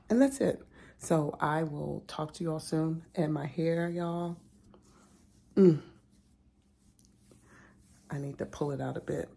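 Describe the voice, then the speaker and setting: Casual woman vlogger: low, gravelly, mellow voice, chatty, drifting into whispers. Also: a little hiss or hum. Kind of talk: casual vlog chat.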